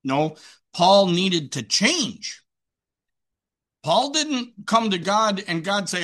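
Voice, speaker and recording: A man's voice: high voice, lively intonation, a little slow, a bit bright. A man preaching a sermon emphatically, with rhetorical questions and repetition.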